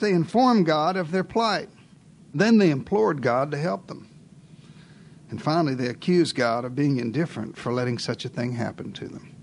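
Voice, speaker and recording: Man, high-pitched voice, theatrical preacher, first-person storytelling sermon, hushed asides, sudden emphatic rises, rhetorical questions. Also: a little hiss or hum. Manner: theatrical, shifting between hushed asides and raised exclamations; addresses listeners directly with rhetorical questions. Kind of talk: dramatic sermon told in first person as a disciple.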